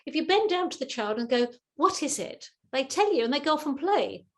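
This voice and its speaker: A woman with a fairly high voice answers questions as a guest expert over a video call. She talks in a lively, animated way, often repeating her words and acting out the voices of people in her examples. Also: quick pace. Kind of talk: webinar Q&A advice.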